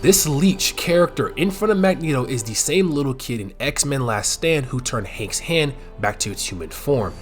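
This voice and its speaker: Animated slangy man narrating a recap. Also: medium pitch, moderate pace, few pauses, soft background music. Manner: slangy, animated, swings to loud outbursts. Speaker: recap commentator. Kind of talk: comedic show recap narration.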